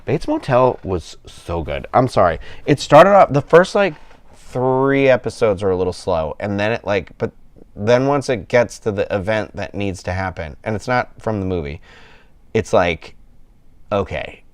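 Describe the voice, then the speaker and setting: A man's voice: fairly low pitch, expressive, unhurried, no room sound. Rambling man chatting on a livestream. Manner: rambling, enthusiastic, many fillers and restarts. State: yawning, tired. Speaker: livestream host. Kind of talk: casual livestream chat.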